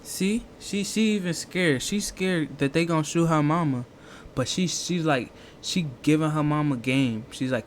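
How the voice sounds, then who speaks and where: A man's voice: on the high side, a little slow, slight background noise. A man hosting a reaction video, talking loosely in casual slang with lots of restarts. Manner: loose, slangy, rambling talk with many restarts.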